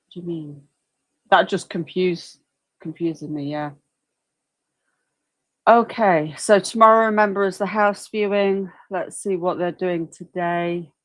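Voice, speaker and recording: Woman, livestream host, casual rambling chat, somewhat low voice. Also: poor audio. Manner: chatty, rambling, apologetic asides. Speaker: livestream host commenting on a trial.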